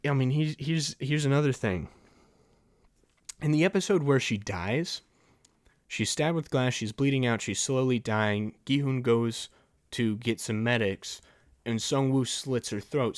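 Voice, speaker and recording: A man hosting a solo film and TV review podcast, talking casually and ranting in exasperation, with laughs between points. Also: on the low side. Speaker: podcast host.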